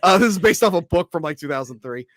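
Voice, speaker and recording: A man's voice: fairly high pitch, expressive, fast, fairly bright tone, no room sound, clean studio sound. A man hosting a casual movie review podcast. He rambles, with many fillers and restarts. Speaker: podcast host.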